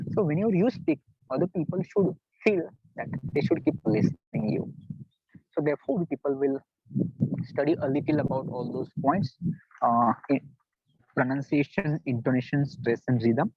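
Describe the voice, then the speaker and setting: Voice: medium pitch, husky, dry recording. A college teacher, giving an online lecture, posing questions and then answering them. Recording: dull lo-fi dry recording.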